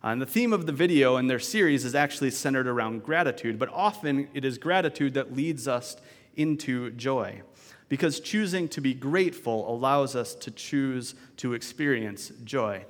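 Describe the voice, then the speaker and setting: A man's voice: medium pitch, lively intonation, moderate pace. A man preaching a sermon as pastor, talking in a conversational, reflective way with restarts and asides. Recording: long reverb of a large church hall.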